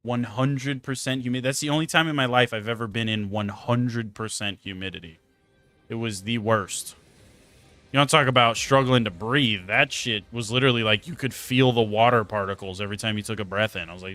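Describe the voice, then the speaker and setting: A man's voice: mid-range voice, fairly quick. A young man streaming a game, telling stories to chat in a casual, swearing, exasperated way. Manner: animated, swearing, exasperated storytelling. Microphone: close desk mic.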